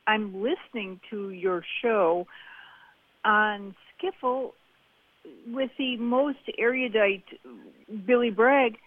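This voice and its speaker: A woman leaving an enthusiastic voicemail for a radio music show, talking a little haltingly. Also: on the high side, no room sound. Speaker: caller. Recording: dull dry phone message.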